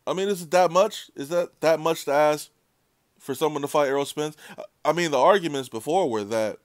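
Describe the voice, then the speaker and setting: A man's voice: fairly high pitch, dry recording, studio quality. A man ranting about boxing in a blunt, sarcastic, heated way. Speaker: boxing commentator. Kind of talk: opinionated rant.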